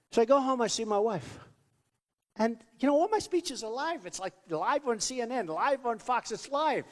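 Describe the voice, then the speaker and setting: A man in his sixties from New York delivers a campaign rally speech, rambling and boastful with repeated asides. His voice sits high for a man and swings widely in pitch. A long reverb trails off the walls of the big hall. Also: expressive, fairly quick. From New York, United States. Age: 60s. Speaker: political candidate. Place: large hall with a crowd.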